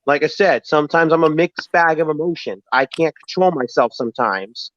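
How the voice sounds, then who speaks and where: A man's voice: a little high, moderate pace, fairly bright tone, no echo. Defensive man on a lo-fi stream. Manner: defensive, repeats himself, explains his feelings. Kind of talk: heated live-stream argument. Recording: dry, dull lo-fi stream audio.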